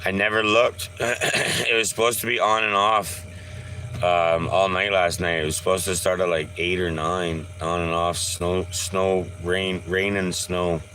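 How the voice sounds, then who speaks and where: Slow-talking man with a bright voice. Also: low voice, steady tone, slight background noise. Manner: slow, easygoing, talks baby-talk to his dog. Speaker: live streamer. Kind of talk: casual live-stream chat.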